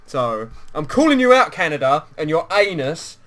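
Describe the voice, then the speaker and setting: A man's voice: on the high side, very animated, normal speed, fairly bright tone, a little hiss or hum. A man with a British accent hosting a casual gaming chat, joking and laughing often. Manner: chatty, laughs often, jokey. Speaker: host.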